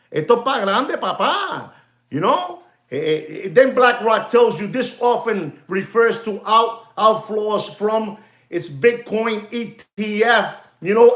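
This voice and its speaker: Excitable man ranting on a live stream. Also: sits high. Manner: animated, excitable, constant "you know" fillers; teasing, lecturing the audience. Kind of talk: rambling live-stream monologue. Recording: roomy, echoey room sound.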